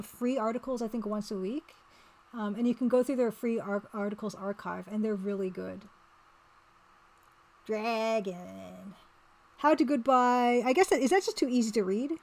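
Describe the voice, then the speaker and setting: Chatty woman streamer with a high voice. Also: a little mellow. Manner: rambling, chatty, reads and answers chat, laughs often. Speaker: streamer and pixel artist. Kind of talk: casual live-stream chat.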